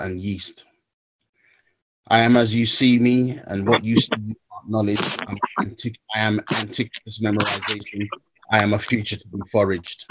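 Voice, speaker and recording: A man reciting a spoken word poem in a measured, rhythmic way, then talking haltingly about his own recovery steps. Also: lowish voice, breathy edge. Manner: halting, searching for words.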